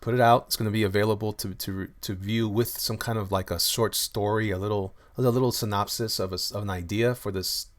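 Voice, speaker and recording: A man with a fairly low voice talks loosely through his illustrations on a live stream. He rambles and restarts often in an easy, friendly way, stopping to read out comments from viewers. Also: steady tone, a little fast, hardly any pauses. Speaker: comic artist streaming live. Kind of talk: casual livestream chat reading viewer comments.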